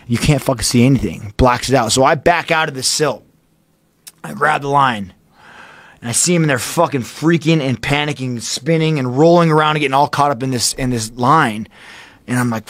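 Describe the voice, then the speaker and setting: On a podcast, a male guest with a mid-range voice recounts a cave-diving ordeal in casual chat, with no room sound in the recording. His retelling is intense, profane and halting, with frequent swearing and constant stops and restarts.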